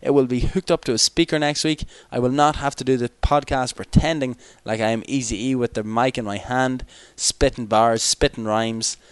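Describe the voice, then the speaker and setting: Young man, podcast co-host, smooth voice, dry close sound, rambling and jokey. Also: mid-range voice, steady tone, normal speed, hardly any pauses, dry recording. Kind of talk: casual late-night chat. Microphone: external microphone.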